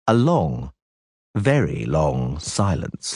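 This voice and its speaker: Husky male audiobook narrator. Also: fairly quick, no echo, clean studio sound. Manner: lower, steady narrating voice between voiced characters. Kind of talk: scripted narration.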